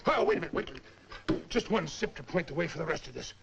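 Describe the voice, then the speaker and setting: A man's voice: a little high, expressive, fast, gravelly, dull audio, over music. An actor playing a tipsy, charming soldier, coaxing and sweet-talking his sweetheart. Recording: noisy old film soundtrack.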